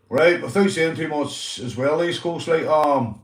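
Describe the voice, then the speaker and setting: A man's voice: fairly high pitch, unhurried, far from the mic. A Northern Irish man hosts a loose, casual livestream and curses constantly as he chats with his viewers. His voice sits a little away from the mic, in a roomy, echoing space. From Northern Ireland. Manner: swears constantly, chatty, addresses viewers by name. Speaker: livestream host.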